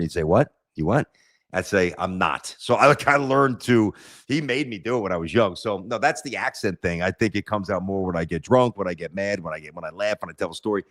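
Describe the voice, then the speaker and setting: A man's voice: low-pitched, a bit bright, no room sound, studio quality. A middle-aged man with a New York accent, telling stories bluntly as a guest on a sports podcast, with stammered restarts. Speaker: sports radio host, guest. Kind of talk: casual podcast chat.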